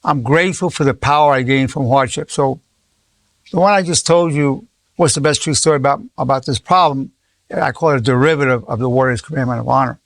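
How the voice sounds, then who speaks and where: Brisk and medium-pitched, a man in his eighties delivers a casual, anecdote-filled lesson as a psychologist. He repeats words, restarts sentences, and dramatizes the dialogue he quotes. The recording is dry.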